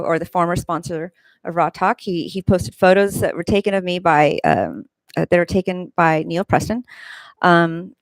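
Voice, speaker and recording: A woman's voice: dry recording, low-quality recording. A woman hosting her own show, telling a long story in a casual, rambling way, with lots of fillers and restarts. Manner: mimics people in high squeals. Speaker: host. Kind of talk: casual monologue.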